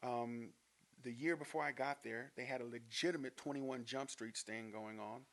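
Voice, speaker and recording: A man's voice: mid-range voice, normal speed. A man in his fifties from Denver, a podcast guest telling personal stories with frequent laughs. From Denver, Colorado, USA. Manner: animated storyteller, laughs often. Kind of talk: podcast storytelling.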